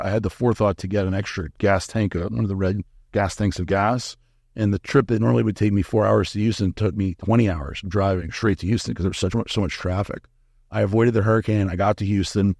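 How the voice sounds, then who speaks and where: A man's voice: fairly low pitch, gravelly, darkish tone, dry recording, studio quality. A man as a podcast interview guest, telling a candid story in a frank, profane way with many fillers and restarts.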